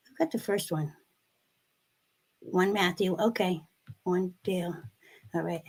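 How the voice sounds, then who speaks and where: A woman with a Boston accent talking slowly and quietly on a live stream, her voice a little husky. She murmurs to herself while she keeps track of things. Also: on the low side. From Massachusetts. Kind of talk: casual live-stream chat.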